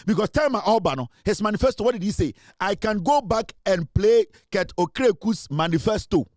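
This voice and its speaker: Ghanaian man, high voice, dry close sound, indignant rant, talk show host. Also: expressive, a little fast, darkish tone, no echo. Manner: angry, indignant, switching between English and Twi. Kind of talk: ranting commentary.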